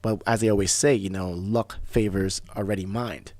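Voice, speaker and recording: A man hosting a talk radio show, telling stories in a casual, animated way, often restarting words. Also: fairly low pitch, no room sound. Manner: animated storyteller, fast bursts, repeats and restarts words. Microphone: studio microphone.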